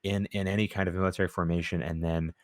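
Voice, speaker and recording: Casting: lowish male voice, casual co-host, stop-start retelling, dry close sound. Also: level tone, no echo. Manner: acts out scenes in quick character voices; halting, with many restarts. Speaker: podcast co-host. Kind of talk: casual chat recapping a TV episode.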